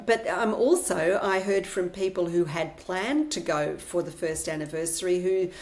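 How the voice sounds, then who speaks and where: Forthright woman journalist, lowish voice. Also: moderate pace, a little mellow. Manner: candid, forthright storytelling. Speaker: journalist guest. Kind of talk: podcast interview.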